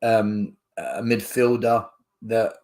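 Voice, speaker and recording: A man's voice: lowish voice, level tone, slow, a little mellow. A man co-hosting a casual football podcast, emphatic and sweary, with frequent laughter. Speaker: podcast co-host, youth football coach.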